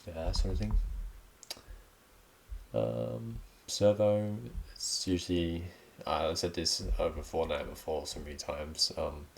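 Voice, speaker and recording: A man's voice: sits low, steady tone, a little slow, vocal fry. A young Australian man hosting a casual solo podcast, rambling in a laid-back way with lots of ums. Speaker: podcast host.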